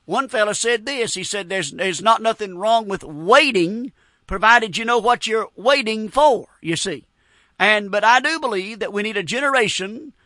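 A middle-aged man preaches a sermon in an earnest, folksy manner, quoting scripture in King James wording. His voice is high, bright and forceful, and the recording is dry.

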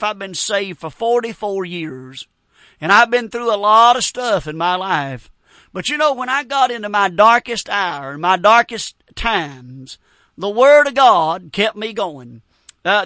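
A man's voice: high voice, pushed and bright, no echo. A middle-aged man preaching a sermon in an earnest, folksy way, quoting old-fashioned scripture. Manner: earnest, folksy, quotes scripture in King James wording.

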